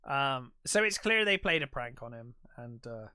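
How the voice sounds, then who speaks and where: A man's voice: mid-range voice, lively intonation, moderate pace, bright, forceful tone. A man co-hosting a podcast, casually retelling a film's plot in a rambling way, full of fillers and restarts. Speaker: podcast co-host. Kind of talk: casual film recap chat.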